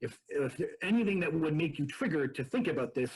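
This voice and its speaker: A man recounts his own experience in a prerecorded talk. His voice is husky and sits fairly high. He speaks haltingly and earnestly, with many restarts and fillers. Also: poor audio. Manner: earnest and animated when retelling fear. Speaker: presenter. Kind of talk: prerecorded first-person account.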